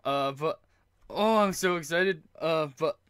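A man hosting a gaming channel, gushing with excitement and stumbling over his words as he plays, with game music behind him. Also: a little high, a little slow, clear, resonant tone, dry recording, clean studio sound. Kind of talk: excited let's play commentary. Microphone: earphones with mic.

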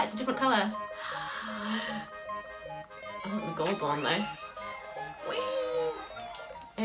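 Woman, gameplay commentator, chatty and giggly, slightly high voice. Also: low-quality recording. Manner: chatty, reads game text aloud, laughs often. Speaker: gameplay video creator.

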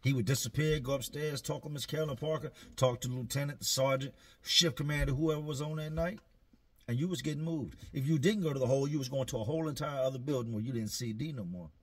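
Laid-back male storyteller, husky voice, slangy and dry. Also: mid-range voice, fast. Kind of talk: casual storytelling.

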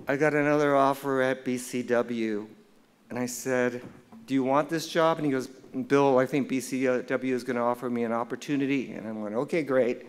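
Older man telling a lively stage story. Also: medium pitch, moderate pace, clear, resonant tone. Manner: acts out quoted dialogue in an animated, humorous way. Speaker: award presenter. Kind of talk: storytelling speech. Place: event stage before an audience.

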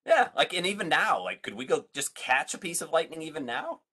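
A man's voice: on the high side, big pitch swings, fairly quick, bright, forceful tone, husky. A man, a museum science educator, leading an online family science lesson, playful and full of questions for his audience.

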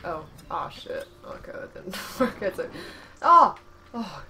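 A woman's voice: lowish voice, expressive, unhurried, slight background noise. A woman giving casual let's-play commentary, sarcastic, talking back to the game, laughing and yelping often. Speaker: gameplay commentator.

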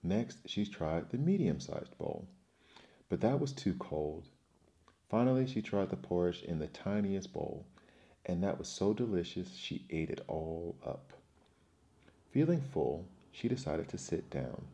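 A man reading a bedtime fairy tale in a slow, soothing, hushed ASMR style. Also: deep voice, animated, vocal fry. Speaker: storyteller.

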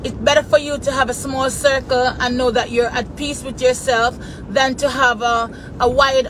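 A Jamaican woman chatting casually with her live-stream viewers while she drives, greeting them by name in patois-flavored speech. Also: high voice. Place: inside a car in traffic. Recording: noisy car, road noise behind.

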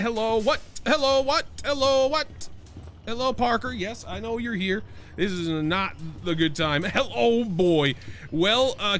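High, lively, joking young gaming streamer man. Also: a little hiss or hum. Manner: jokey, profane, prone to excited yelps. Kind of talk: casual let's-play commentary.

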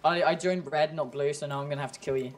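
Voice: medium pitch, steady tone, quick pace, slight background noise. A gamer chatting casually during play with a friend, playful and teasing, often laughing. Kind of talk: casual gameplay chat.

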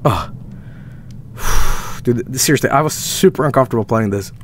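A young man streaming a game live, reacting with loud, frantic swearing and nervous laughter. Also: medium pitch, moderate pace, slight background noise. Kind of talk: live gameplay commentary.

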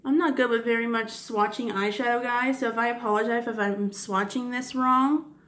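A woman beauty vlogger swatching makeup for her viewers, gushing and giddy, often apologizing for her technique and dropping into soft whispers. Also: fairly high pitch, fairly even intonation, normal speed. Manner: gushing, giddy, keeps addressing viewers as guys. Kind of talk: casual makeup swatch review.

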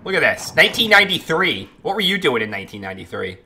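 A man's voice: a little high, big pitch swings, quick pace, creaky, bright, forceful tone, a little hiss or hum. A man chatting casually while streaming a game, greeting viewers and reacting to it. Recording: game music playing behind. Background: faint game music.

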